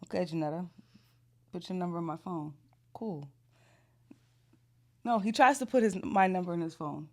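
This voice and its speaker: A woman's voice: fairly low pitch, normal speed, long pauses. A woman, co-hosting a podcast and telling stories in a sassy, mock-indignant way. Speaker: podcast co-host. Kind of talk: casual storytelling chat.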